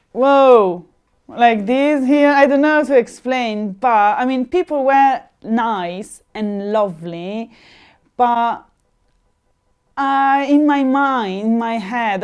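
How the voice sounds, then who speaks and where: A woman's voice: mid-range voice, darkish tone, smooth. A young woman with an Italian accent, chatting casually and animatedly with frequent fillers, restarts and laughs. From Italy. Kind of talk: casual chat.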